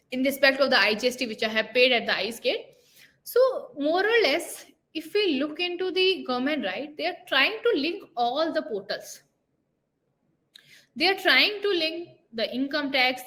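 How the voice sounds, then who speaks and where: A woman's voice: high-pitched, sharp tone. A woman with an Indian English accent, a tax expert explaining rules step by step and often checking in with a questioning "right?". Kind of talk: explanatory talk.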